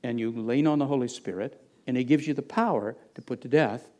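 A man's voice: medium pitch, brisk, a little mellow. A middle-aged male pastor preaching a conversational sermon, with frequent restarts and asides to the congregation.

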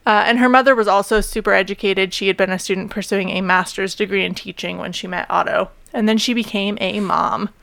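A woman's voice: mid-range voice, fairly even intonation, a little fast, creaky, few pauses, a bit bright. A young woman co-hosting a podcast, telling a story in casual chat, full of fillers and easy laughs. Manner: chatty, many "like" and "um" fillers, laughs easily. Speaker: podcast co-host.

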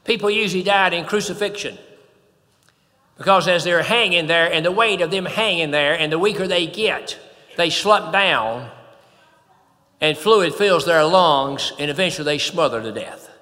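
A man's voice: on the high side, moderate pace, pushed and bright, in a large hall. A man preaching a sermon, emphatic, swelling and dropping in volume.

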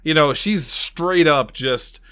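A man's voice: a little high, takes it slowly, pushed and bright, clean tone. A man playing a tabletop role-playing game for the first time, asking casual questions and swearing at bad rolls. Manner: asks lots of questions, casual and profane. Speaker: player.

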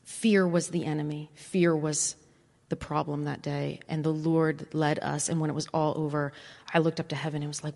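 A woman's voice: sits low, level tone, normal speed, gravelly, a little mellow, long reverb tail. A female pastor telling an earnest story in a sermon. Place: church sanctuary.

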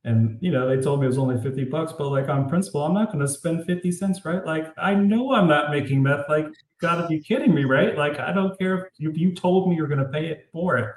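Animated storytelling man, echoey room. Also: fairly high pitch, fairly quick, hardly any pauses. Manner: animated, says "like" often, incredulous. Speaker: author guest. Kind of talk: casual storytelling interview. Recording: roomy echo.

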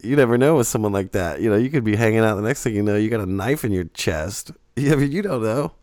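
A man co-hosting a podcast, telling a long rambling story in a casual, profane and animated way, laughing often. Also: on the low side, fast, no echo, studio quality. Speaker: podcast co-host.

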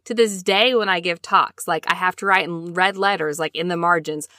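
A chatty woman host who talks fast and sprinkles "like" throughout her casual study talk. Her voice is bright and forward, and it sounds close and dry with no room around it. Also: fairly low pitch, steady tone, dry recording. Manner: fast-talking, chatty, peppered with "like". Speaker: podcast host.

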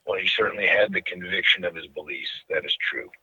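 Middle-aged man, former prosecutor, measured storytelling, husky, tinny phone-like sound. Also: sits low, bright, forceful tone, no echo. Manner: measured, deliberate, stretches words for emphasis. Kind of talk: conversational interview storytelling.

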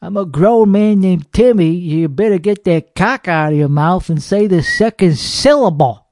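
A man plays a hot-headed, foul-mouthed, boastful comedian hosting a podcast, angrily ranting and rambling in a combative, profane character monologue full of jabs and brags. His voice is high for a man, with lively intonation, a moderate pace, and a slightly mellow quality. The recording is close and dry, with no echo or room sound.

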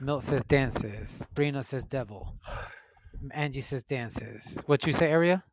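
A man hosting a casual group chat, briskly calling out movie matchups and tallying everyone's votes. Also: mid-range voice, slight background noise. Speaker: host running a movie vote.

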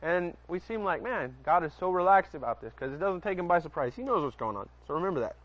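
Fast and expressive, a man with a high, fairly bright voice delivers a casual sermon, reading scripture aloud, often stumbling and slipping in chatty comments to his listeners. There's no room sound in this dull lo-fi recording from outdoors at night near a porch.

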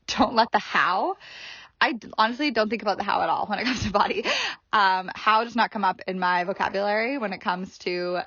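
A woman hosts her own podcast and talks to listeners in a loose, chatty way, with lots of "um" and "like" and frequent laughter. Her voice sits at an ordinary pitch. The recording is dry and slightly muffled. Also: fairly bright tone, no echo. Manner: chatty, filler-heavy, laughs often. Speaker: podcast host. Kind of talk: casual solo podcast monologue.

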